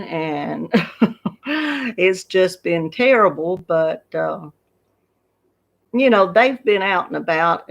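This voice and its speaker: Speaking in a lowish, gravelly voice with a touch of brightness, this Georgia grandmother in her fifties runs a YouTube craft channel. She chats easily with her live-stream audience from home, laughing a lot, in a Southern US accent.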